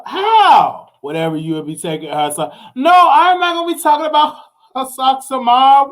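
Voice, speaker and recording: A man hosting a casual live stream, excitable and chatty, breaking into shrieks and repeated exclamations as he talks to viewers. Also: very high voice, normal speed. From Texas. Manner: chatty, addresses viewers directly.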